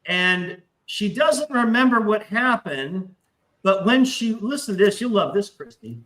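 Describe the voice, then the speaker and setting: A man telling a long anecdote in casual podcast talk, profane and animated, acting out the voices in his story. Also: sits high, a little slow, rough recording.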